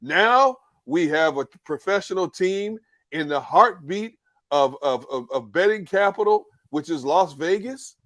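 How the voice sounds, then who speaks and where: A man on a casual sports talk panel, talking in a measured way and often repeating words as he starts a sentence. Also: on the high side, lively intonation, fairly bright tone, no echo, studio quality.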